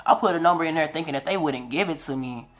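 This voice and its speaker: A young man, telling a heartfelt personal testimony in a casual, animated way, often praising God. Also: on the high side, fast. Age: 20s. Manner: animated, emotional, religious. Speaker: vlogger.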